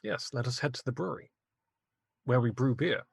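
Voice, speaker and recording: A man's voice: mid-range voice, brisk, creaky, husky, dry recording. A man playing a character in a tabletop game, polite and slightly formal. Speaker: player.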